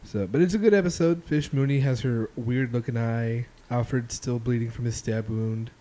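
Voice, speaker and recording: A man hosts a casual podcast, retelling stories in a loose, profane ramble. His voice sits in a middle pitch with a mellow, relaxed tone. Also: moderate pace, slight background noise. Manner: loose, profane storytelling with filler ums. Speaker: podcast host. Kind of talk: casual chat.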